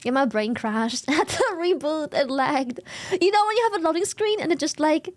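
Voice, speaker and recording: A woman's voice: high-pitched, animated, normal speed. A young woman from Germany with a German accent, chatting casually on a live stream, giggling often and thanking viewers over and over.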